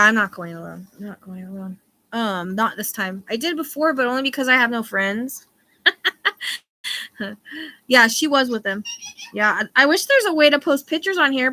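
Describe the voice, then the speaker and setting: Bright-voiced woman chatting on a livestream. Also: on the high side, animated, normal speed, no room sound. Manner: chatty, swears casually, reads chat. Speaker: livestream host. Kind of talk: casual livestream chat.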